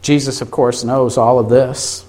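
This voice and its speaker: A man preaching a sermon, asking his listeners rhetorical questions and answering them himself with emphatic, deliberate delivery. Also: mid-range voice, level tone, darkish tone.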